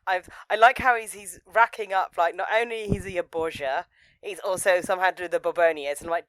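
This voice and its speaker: A woman's voice: fairly low pitch, steady tone, a little fast, a bit bright, dry recording, low-quality recording. A woman co-hosting a casual review podcast, gushing enthusiastically and playfully acting out scenes. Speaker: podcast co-host.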